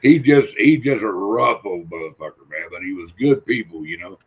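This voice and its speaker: Rough-talking older man telling stories. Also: lowish voice, animated, normal speed, narrow, tinny audio. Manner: rough-spoken, swears freely, acts out quotes. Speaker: panel guest. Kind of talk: casual storytelling on a livestream panel.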